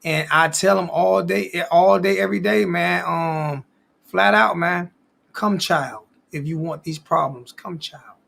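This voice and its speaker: A man's voice: high-pitched, a little slow, vocal fry, a bit bright. A man hosting a sports talk stream, boasting and trash-talking in a casual rant with many restarts. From American. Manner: boastful, repeats himself, stammering restarts. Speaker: sports podcast host.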